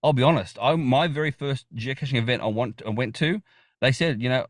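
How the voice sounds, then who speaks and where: Speaking fast in a mid-range voice, an Australian man chats keenly as a podcast guest in an informal interview, rambling with restarts and filler words. The sound is dry and studio quality.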